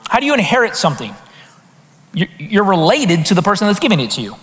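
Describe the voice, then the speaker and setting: Man, pastor, sermon, high voice, very lively pitch, long church reverb. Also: fast talker. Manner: animated, conversational preaching with frequent restarts and rhetorical questions. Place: church sanctuary.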